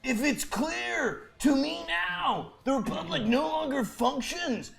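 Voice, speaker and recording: A man's voice: extremely high pitch, expressive, takes it slowly, gravelly, fairly bright tone, faint music behind, heavily acted. A man voicing a regal, foul-mouthed young queen in a comic script read-through, declaiming grandly and swearing. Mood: defiant.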